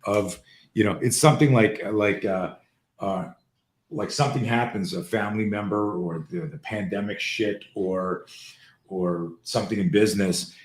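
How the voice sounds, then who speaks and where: A man hosting a podcast, telling a story in casual chat, animated and swearing freely. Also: lowish voice, normal speed. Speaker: podcast host. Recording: roomy echo.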